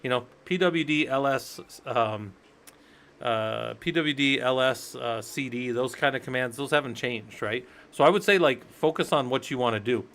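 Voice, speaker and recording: Man, casual live-stream Linux instructor, rambling chatty delivery, mid-pitched voice. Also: normal speed, fairly bright tone. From United States. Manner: rambling, conversational, tells stories with acted quotes.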